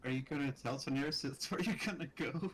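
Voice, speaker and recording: A man playing a tabletop role-playing game, talking in character in an earnest, halting, pleading way. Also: on the high side, a bit bright, slight background noise, low-quality recording.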